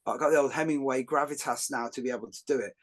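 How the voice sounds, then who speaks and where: Animated middle-aged podcast host. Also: male voice, mid-range voice, fast. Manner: animated storyteller, jokey, many fillers and restarts. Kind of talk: casual podcast conversation.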